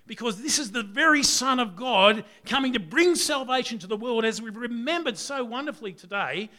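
A man preaching a conversational sermon, leaning on rhetorical questions and swinging between loud and soft. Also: very high voice.

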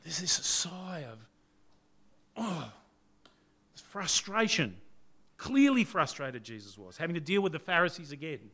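A man preaching a conversational sermon, leaning on rhetorical questions and swinging between loud and soft. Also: on the high side, big pitch swings, measured pace, long pauses.

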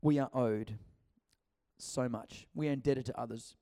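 Chatty preacher, mellow voice. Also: male voice, medium pitch, a little slow. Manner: chatty, acts out quotes, many restarts. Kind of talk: conversational sermon.

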